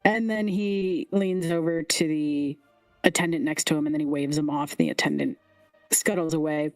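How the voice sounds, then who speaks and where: A woman's voice: deep voice, no echo. A woman narrating a tabletop game as game master, describing the scene in an amused way.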